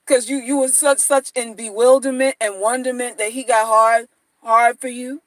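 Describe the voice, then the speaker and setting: A woman's voice: fairly high pitch, steady tone, moderate pace, dry recording, poor audio. A woman dating-advice vlogger talking casually and bluntly to viewers, slangy, mocking and repetitive.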